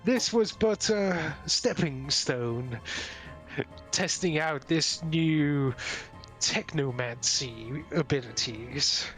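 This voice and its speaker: A man puts on a pompous evil sorcerer, gloating and theatrical, speaking slowly in a fairly high voice. Faint music plays underneath. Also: expressive, fairly bright tone, heavily acted. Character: grandiose evil male sorcerer villain.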